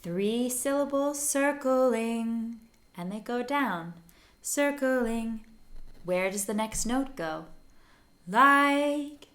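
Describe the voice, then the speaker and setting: A slightly high, expressive female voice moves at a measured pace with few pauses. She teaches songwriting patiently and encouragingly, going step by step and singing short phrases to model a melody.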